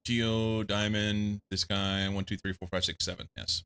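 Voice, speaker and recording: A man from the United States streaming a game, thinking aloud in casual commentary, a little congested and quick to laugh. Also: fairly low pitch, little pitch movement, fairly bright tone, clear, resonant tone. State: slightly congested.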